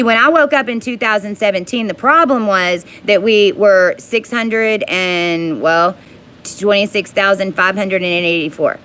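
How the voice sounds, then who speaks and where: A woman in an angry, profane monologue to her viewers, rising into yelling. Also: medium pitch.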